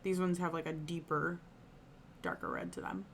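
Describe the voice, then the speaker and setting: A woman's voice: on the low side, steady tone, normal speed, slight background noise. A woman running a tabletop game as game master, chatty and full of fillers. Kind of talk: narrating a tabletop game on stream.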